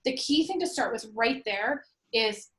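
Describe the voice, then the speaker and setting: Woman, landlord, guest, animated storytelling, quotes herself, fairly high voice, roomy echo. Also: a little slow. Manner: animated, acts out her own past quotes. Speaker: guest, real estate investor and landlord. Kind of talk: conversational storytelling.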